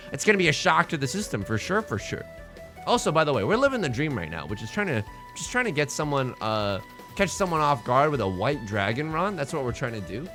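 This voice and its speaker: A man streaming a mahjong game, chatting casually with his chat in a jokey, animated way with mock-heated rants. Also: fairly high pitch. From born outside the United States. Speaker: Twitch streamer playing mahjong.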